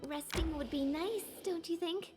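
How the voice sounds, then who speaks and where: A bright-voiced young game companion. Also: female voice, very high voice, unhurried. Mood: curious. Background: faint game music.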